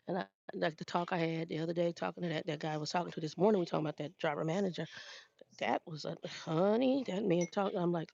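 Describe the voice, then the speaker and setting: A woman's voice: fairly low pitch, fast talker, creaky, a little mellow, a little hiss or hum. An older woman, a truck driver, chatting casually with viewers in a frank, exasperated way, restarting sentences often. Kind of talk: casual chat with live viewers. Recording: dry, dull lo-fi sound.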